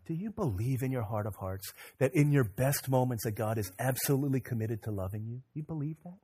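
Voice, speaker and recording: A man in his thirties preaching a sermon as a pastor, swinging from soft and low to loud and high when he stresses a point. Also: lively intonation, moderate pace, husky.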